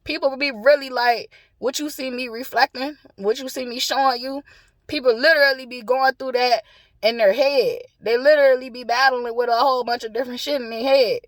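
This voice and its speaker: Vlogger, woman, blunt and profane, high voice, casual car rant, often laughing. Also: fairly even intonation, brisk, no echo. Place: parked car.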